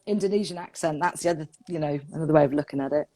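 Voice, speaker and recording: A woman with a southern English accent talks in a relaxed live-stream chat as an English teacher. Her delivery is lively and expressive, with frequent laughter. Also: low-pitched, racing. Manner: chatty, expressive, laughs often. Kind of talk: casual live-stream conversation.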